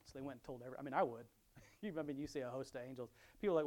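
A man's voice: medium pitch, very fast, dark tone. Middle-aged man reading scripture and chatting. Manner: reads scripture aloud, then chats and chuckles between verses. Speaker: preacher. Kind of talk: Bible reading with commentary.

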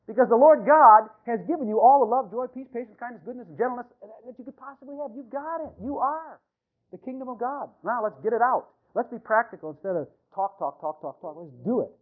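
A man who is a pastor, preaching an animated sermon to his congregation and calling out to them. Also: very high voice, fairly quick. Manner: animated, talks to the congregation, many fillers. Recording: tinny phone-like radio sound.

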